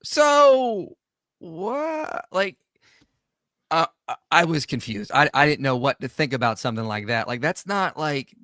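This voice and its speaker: A man hosting a casual group chat, animated and joking, talking in quick bursts. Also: a little high, no echo, clean studio sound. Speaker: show host.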